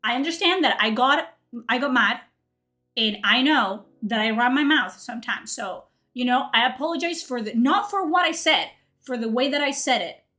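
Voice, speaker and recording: A woman's voice: high-pitched, moderate pace. A woman in her late twenties telling a story as a heated, profane rant, acting out both sides of an argument. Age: late 20s. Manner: heated, profane, animated retelling. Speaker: streamer.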